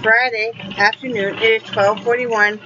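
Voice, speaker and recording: A woman with a drawl talks in a loose, rambling, folksy way, chatting to her viewers. The recording is dull and lo-fi, with clear noise underneath. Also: fairly high pitch, fairly even intonation, a little slow. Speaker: vlogger. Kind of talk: casual chat.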